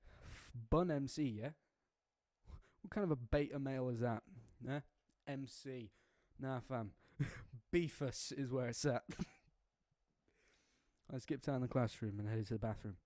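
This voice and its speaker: A man's voice: medium pitch, unhurried, a little mellow, no room sound. A young man reading a fan story aloud, breaking off for casual, jokey, slangy asides. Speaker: story reader.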